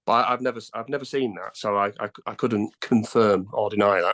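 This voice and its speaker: A man's voice: lowish voice, a little fast, fairly bright tone. Middle-aged male singer, casual guest, rambling, hesitant restarts. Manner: rambling, chatty, many fillers and restarts. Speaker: singer in a tribute band, interview guest. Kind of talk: casual interview answers.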